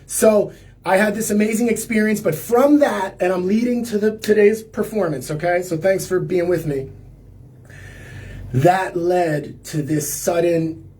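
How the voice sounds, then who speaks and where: A man's voice: a little high, darkish tone. Rambling, earnest male storyteller. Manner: rambling, heavy use of filler words, restarts. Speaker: singer-songwriter performer. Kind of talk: casual storytelling on a livestream.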